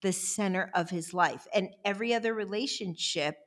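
A woman's voice: medium pitch, normal speed. An older woman talking as a guest author in a casual faith podcast chat, earnest and encouraging, often checking in with the listener.

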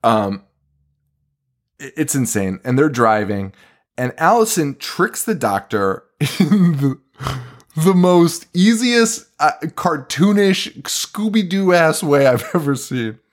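A man's voice: a little high, takes it slowly. Laughing, swearing man recapping a movie. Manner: profane, laughing, animated retelling. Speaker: podcast co-host. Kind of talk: casual movie review chat.

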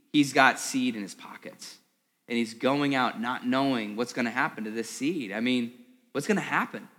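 A man's voice: mid-range voice, a bit bright. A male pastor giving a sermon, conversational and vivid, often repeating words as he tells a story. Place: church service in a school hall. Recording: long hall reverb.

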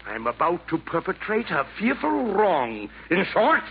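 A vain, boastful Nero sent from hell. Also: male voice, high voice, wildly swooping pitch, moderate pace, husky, exaggerated voice. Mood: swaggering. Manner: theatrical, rhyming bluster with sudden swings. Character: vain boastful emperor Nero, a devil's hired killer. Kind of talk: 1940s radio acting. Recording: tinny 1940s radio broadcast with faint hiss.

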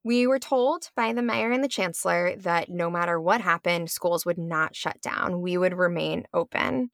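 Brief: young woman, school teacher, low gravelly voice, chatty first-person storytelling, dry close sound. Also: normal speed, fairly bright tone, no room sound. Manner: conversational, with frequent ums and likes. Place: her home.

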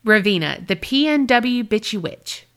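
Bright-voiced woman podcast host. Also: mid-range voice, lively intonation, a little slow, smooth. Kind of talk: reading listener stories aloud.

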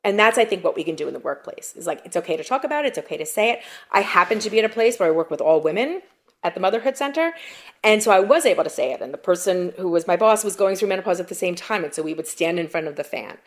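A middle-aged woman talking as a podcast guest, telling stories in an animated way, acting out quotes and saying "like" often. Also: on the low side, fast talker. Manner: animated storyteller, acts out quotes, frequent "like". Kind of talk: conversational interview.

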